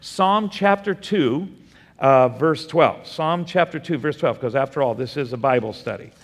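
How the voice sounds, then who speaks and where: A man's voice: medium pitch, lively intonation, unhurried. A man preaching a Bible study sermon, asking the room questions and answering them himself. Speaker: pastor teaching a Bible study. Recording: long hall reverb.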